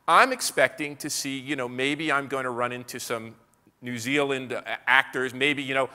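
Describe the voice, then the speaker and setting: Bright-voiced American man in a hall. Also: medium pitch, moderate pace. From United States. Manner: anecdotal, with frequent restarts and repeated words. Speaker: keynote speaker. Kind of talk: storytelling lecture to a live audience. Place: large hall at an evening business event. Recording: live talk with long hall reverb.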